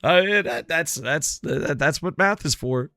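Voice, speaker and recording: A man streaming a video game, chatting casually with viewers in a profane, rambling, animated way. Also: on the high side, unhurried, no room sound, clean studio sound. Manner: chats with viewers while playing. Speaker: gaming streamer. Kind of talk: casual live-stream chat over gameplay.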